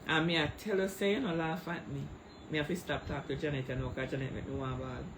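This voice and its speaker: A middle-aged Jamaican woman livestreams on social media, ranting in Patois into her phone, heated and tearful, and calling out viewers by name. Her voice is deep and steady with a quick pace, over a noisy background.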